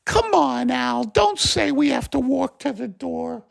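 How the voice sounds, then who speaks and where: A hoarse man voicing a fretful, nagging middle-aged housewife in a comedy sketch, with a gravelly voice. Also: very high voice, unhurried, dry recording, exaggerated voice. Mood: chiding, chatty. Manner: lively, nagging, talks over her husband. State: hoarse from bronchitis.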